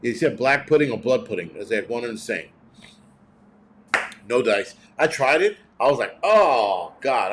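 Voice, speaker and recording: A man's voice: fairly low pitch, fairly bright tone. A middle-aged man hosting a livestream, reading chat and ranting bluntly with heavy cursing in a cranky, rambling way.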